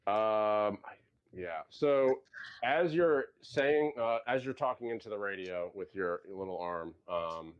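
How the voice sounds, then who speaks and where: A man narrating a tabletop game as game master, in a loose, halting way with many fillers. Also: fairly low pitch, expressive, smooth. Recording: dull lo-fi sound.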